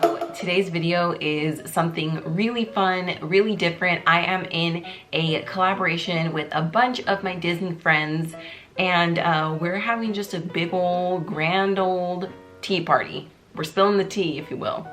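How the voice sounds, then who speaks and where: A woman hosts her own video, her lowish, slightly bright voice moving at an unhurried pace. She's a YouTuber in a bubbly, jokey casual chat packed with little fillers, and background music plays clearly beneath her voice.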